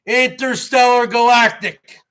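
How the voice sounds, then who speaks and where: Brash stream host, from New Jersey, boastful and rambling, bright high voice. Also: male voice, fairly even intonation, a little slow, clean tone. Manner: boastful, repeats "folks" and "bottom line"; greets viewers by name. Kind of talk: boastful rambling live chat.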